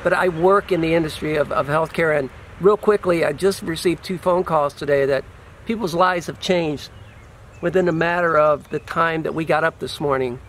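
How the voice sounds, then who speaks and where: Man, earnest, halting speech, fairly high voice, outdoors, audible street traffic. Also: poor audio. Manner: earnest, halting, many restarts. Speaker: guest, healthcare business owner. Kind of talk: casual motivational chat. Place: outdoors by a road.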